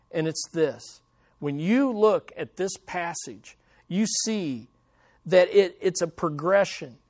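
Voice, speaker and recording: High-voiced, slow-preaching man. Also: a little mellow, no echo. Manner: dramatic, preacherly emphasis with slow punchy phrases. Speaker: pastor. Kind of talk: sermon.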